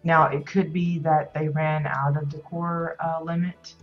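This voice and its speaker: A woman's voice: low voice, level tone, measured pace, muffled recording, soft background music. A woman hosting a casual video tour of player-built homes in a game, talking loosely with lots of ums and restarts. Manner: rambling, many ums and restarts. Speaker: host touring player houses in a game.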